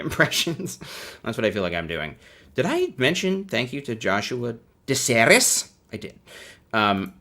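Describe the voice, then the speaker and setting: Low-voiced sarcastic man hosting a livestream. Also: sharp tone. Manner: sarcastic, rambling, laughs at own jokes. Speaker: livestream host. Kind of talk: casual livestream commentary.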